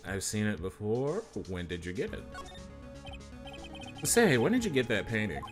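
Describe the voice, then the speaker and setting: A man's voice: fairly low pitch, wildly swooping pitch, normal speed, over music. A man voicing an earnest, flustered young defense lawyer in a fan dub of a game, with wry asides.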